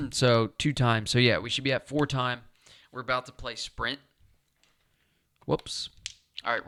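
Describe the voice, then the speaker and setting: A man plays a board game live and talks himself through each turn, counting spaces and checking in with viewers. His voice is smooth and resonant, and it sits close and dry on the mic with no room sound. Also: medium pitch, a bit bright, no room sound. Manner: thinking aloud, asking viewers, counting moves. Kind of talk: casual solo game playthrough.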